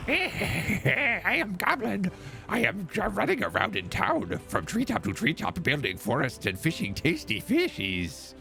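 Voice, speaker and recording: A man putting on the voice of a small, excitable lunatic goblin, squeaky and gravelly with wild swoops. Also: measured pace, soft background music, exaggerated voice. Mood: manic.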